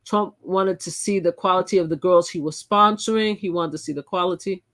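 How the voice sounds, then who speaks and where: A woman's voice: on the low side, a little fast, fairly bright tone. A woman hosting a live channel, reading articles aloud and commenting in a chatty way, often repeating and restarting her phrases. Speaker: channel host.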